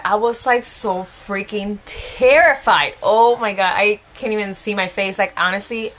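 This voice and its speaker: A woman's voice: mid-range voice, measured pace, hardly any pauses, a bit bright. A young woman telling a personal story in a chatty, emotional vlog style, often exclaiming. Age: young adult. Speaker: vlogger. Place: at home with a small child.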